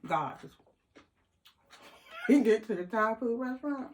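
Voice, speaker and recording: Animated woman telling a story. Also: a little high, a little slow, a little hiss or hum. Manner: animated, quotes people in voices, laughs. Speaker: vlogger. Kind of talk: casual storytelling.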